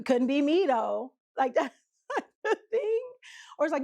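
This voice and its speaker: Woman relationship coach, country twang, higher voice with a gravelly edge, casual talk, acts out quotes. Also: sing-song, unhurried, pauses often, darkish tone. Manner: chatty, laughs often, acts out quotes. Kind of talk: casual monologue to camera.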